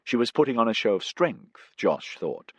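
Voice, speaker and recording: A man reading a science fiction audiobook as narrator, in a measured storytelling manner. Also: mid-range voice, very animated, breathy edge, no room sound. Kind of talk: scripted narration.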